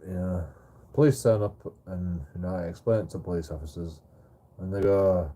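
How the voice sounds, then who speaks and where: A man's voice: deep voice, moderate pace, dark tone. A young man telling a rambling story on a livestream, swearing often, stammering and restarting his sentences.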